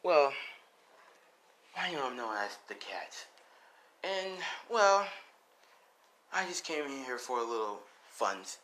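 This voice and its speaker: A man's voice: medium pitch, very animated, slow pace, pauses often, fairly bright tone, a little hiss or hum. A man doing a sly, teasing cat burglar woman.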